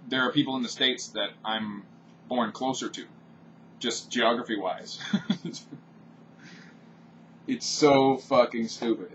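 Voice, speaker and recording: A man's voice: mid-range voice, a bit bright, a little hiss or hum. A man from Canada, ranting off the cuff in a blunt, profane vlog monologue. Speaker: vlogger. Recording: distant, dull home-recorded audio.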